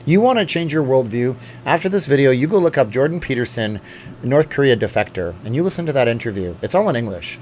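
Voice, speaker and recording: A man of ordinary middle pitch hosts a casual live chat from home. He rambles from one thought to the next and talks straight to his viewers as he reads their comments. A faint background hiss sits under his voice. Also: a little mellow. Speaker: live-stream host. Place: at home with a dog at his feet.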